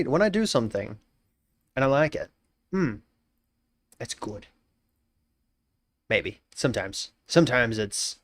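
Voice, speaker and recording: A man's voice: medium pitch, no room sound, studio quality. An Australian man live-streaming, casually greeting chatters and thinking aloud while he works, often repeating his phrases.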